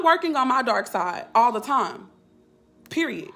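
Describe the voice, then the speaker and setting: A woman's voice: a little high, very animated, measured pace, pushed and bright, soft background music. A woman life coach chatting casually on a live stream, candid and blunt in loose, slangy talk.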